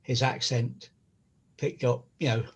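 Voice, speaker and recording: A man's voice: medium pitch, little pitch movement, unhurried, slightly rough. A middle-aged man, chatting casually and telling rambling stories. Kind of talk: casual chat.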